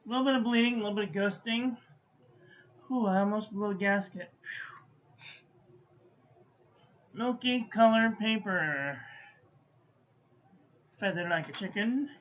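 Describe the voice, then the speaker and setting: A woman's voice: mid-range voice, unhurried, pauses often. A woman giving a casual stationery review, muttering to herself and playfully scolding as she goes. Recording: dull lo-fi audio with faint background noise.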